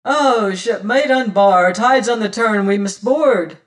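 A man's voice: high-pitched, expressive, normal speed, far from the mic. A man reading an audiobook, voicing a hearty, loyal old sailor with bluff seafaring speech. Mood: urging.

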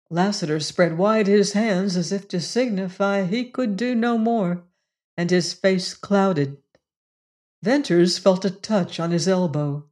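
A woman narrates a novel for an audiobook. Her reading is measured and expressive, unhurried and slow. Her voice sits fairly low. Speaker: audiobook reader. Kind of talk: scripted narration.

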